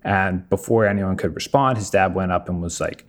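A man with a fairly low voice hosts a relaxed conversation, wandering through an anecdote before getting to his question. He speaks easily, thoughtfully, as if among friends. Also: brisk, hardly any pauses. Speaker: podcast host. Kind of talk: casual interview chat.

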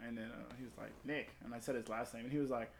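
A man's voice: mid-range voice, fairly even intonation, rapid-fire, creaky. A man telling a long crude story in casual podcast chat, rambling and full of profanity.

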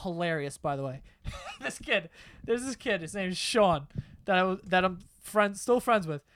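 A man's voice: high-pitched, lively intonation, normal speed, fairly bright tone, a little hiss or hum. A young man hosting a podcast, casually telling stories among friends. He laughs as he talks, swears freely and acts out other people's lines. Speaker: podcast host.

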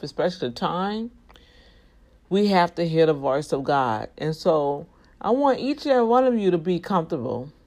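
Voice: mid-range voice, a little mellow. Emphatic preachy vlogger. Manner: emphatic, preachy, with prayerful asides. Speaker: vlogger addressing regular viewers. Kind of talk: casual monologue with urgent warnings.

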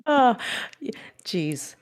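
A woman co-hosting a podcast in casual chat, bantering with quick jokes and frequent swearing. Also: mid-range voice, slight background noise. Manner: laughing, profane, quick banter. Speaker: podcast co-host.

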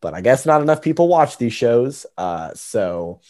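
A man's voice: mid-range voice, sing-song, moderate pace, darkish tone. A young man hosting a podcast, chatting casually with many fillers and restarts. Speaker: podcast host. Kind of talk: casual chat.

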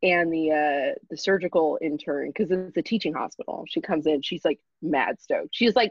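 A young woman comedian telling a story in a casual, profane, animated way and acting out the people in it. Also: deep voice, moderate pace, few pauses, slightly rough, dry recording. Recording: dull lo-fi sound.

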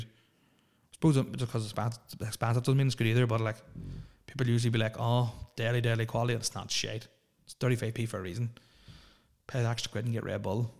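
A man's voice: mid-range voice, vocal fry, darkish tone. A man, hosting a solo podcast and ranting in a profane, opinionated, rambling way. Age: 30s. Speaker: podcast host.

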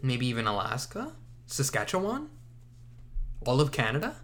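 A man co-hosting a relaxed conversation, speaking at an ordinary middle pitch. He rambles and jokes, often stopping to correct himself mid-thought. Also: normal speed. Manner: rambling, jokey, self-correcting. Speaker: podcast co-host. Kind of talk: casual chat.

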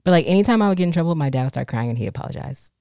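A young woman with a low, deep-set voice chats casually and candidly, looping back with fillers and restarts as she thinks aloud. The sound is close and dry, with no room around it. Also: lively intonation, very fast, mellow, no room sound. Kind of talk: casual chat.

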